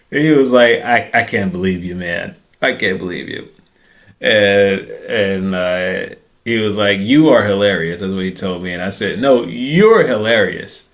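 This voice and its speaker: A man's voice: sits low, moderate pace, a bit bright. A young man hosting a podcast, telling a story casually and acting out other people's lines in a raised voice. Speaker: podcast host.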